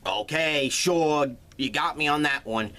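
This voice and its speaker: A man's voice: a little high, a little slow, sharp tone. A man recapping a film's plot in a casual, sarcastic way, swearing freely as he goes. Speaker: movie reviewer.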